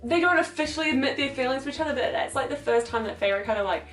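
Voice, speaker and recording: A woman's voice: high voice, fast talker. A young woman in a casual book review vlog, rambling with lots of fillers and acting out characters' lines as she retells scenes. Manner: rambling, filler-heavy, animated retelling with quoted voices. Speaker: book vlogger. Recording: roomy echo, voice a little far from the mic, faint music.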